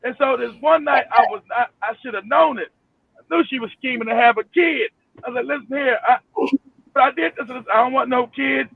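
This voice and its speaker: A man telling his story in a heated talk-show discussion, animated, emphatic and swearing freely. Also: very high-pitched, a little fast, creaky, slightly rough, no echo. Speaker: panel guest. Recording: tinny phone line.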